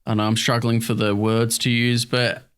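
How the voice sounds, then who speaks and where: A man's voice: mid-range voice, flat delivery, normal speed, a bit bright, clean tone. A young man, co-hosting a casual podcast chat about music and talking in a rambling, hesitant way full of fillers. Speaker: podcast co-host.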